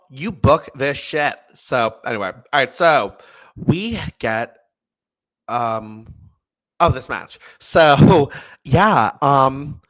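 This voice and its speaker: A man's voice: medium pitch, fairly bright tone. A man co-hosting a podcast in casual chat, laughing often and filling gaps with ums. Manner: chatty, laughs often, many fillers. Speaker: podcast co-host.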